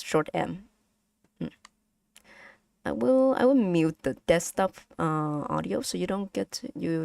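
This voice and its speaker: A woman's voice: lowish voice, vocal fry, a little mellow, no room sound. A woman with a Vietnamese accent teaching pronunciation on a casual live stream, patiently repeating sounds for her chat.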